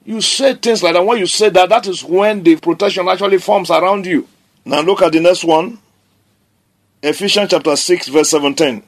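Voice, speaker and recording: Male preacher, fairly high voice, emphatic declarations, sermon delivery. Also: normal speed. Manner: emphatic, declaring scripture with repetition.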